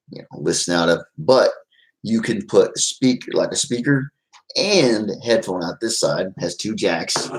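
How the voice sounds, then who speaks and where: Deep-voiced man chatting on a livestream. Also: rough recording. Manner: rambling and heartfelt, many fillers. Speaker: vlogger reading live chat. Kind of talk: casual livestream chat.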